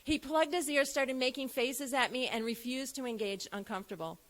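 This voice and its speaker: A woman's voice: sits high, normal speed, a bit bright. Earnest woman telling a personal story. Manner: earnest, acts out dialogue with her son. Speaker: event speaker. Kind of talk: personal story told to an audience.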